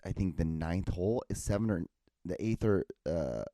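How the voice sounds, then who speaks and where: A man hosting his own show, chatting casually in a rambling, self-interrupting way, his voice hoarse and starting to give out. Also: low-pitched, moderate pace, warm tone, no room sound. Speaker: podcast host.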